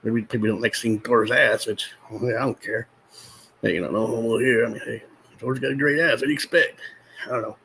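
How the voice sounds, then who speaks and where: Rambling man with a gravelly voice. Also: medium pitch, brisk, sharp tone, slight background noise, poor audio. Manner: rambling, restarts often, talks while eating popcorn; exasperated, incredulous. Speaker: movie reviewer. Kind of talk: casual unscripted movie review vlog.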